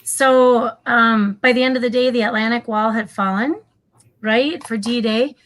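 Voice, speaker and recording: Higher-voiced woman co-hosting a show. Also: steady tone, measured pace, poor audio. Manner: friendly, a bit scattered, stalls while checking notes. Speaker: co-host with news segment. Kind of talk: casual co-hosting.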